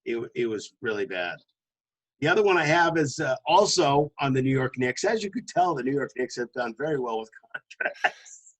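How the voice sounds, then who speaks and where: A man's voice: very animated, normal speed, a bit bright, poor audio. A man co-hosting a casual sports podcast, telling stories with frequent laughs and restarts. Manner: laughs often, storytelling with restarts; jokingly puts on a booming announcer voice. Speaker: co-host.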